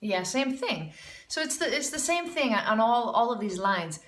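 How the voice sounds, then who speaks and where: A woman jazz vocal teacher talks through a student's singing with an encouraging manner, breaking into scat syllables to show the phrasing. Her tone is bright and ringing, in an echoey room. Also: fairly high pitch, very animated, moderate pace, distant mic, soft background music. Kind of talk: music lesson critique with scat singing demos.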